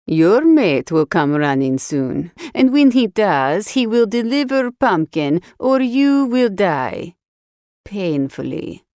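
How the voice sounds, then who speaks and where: A man's voice: high voice, sing-song, darkish tone, smooth, dry recording, clean studio sound, full character voice. Woman doing a cold kidnapper. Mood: menacing. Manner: slow, cold threats with halting English. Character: small crooked-nosed male kidnapper, cold and cruel.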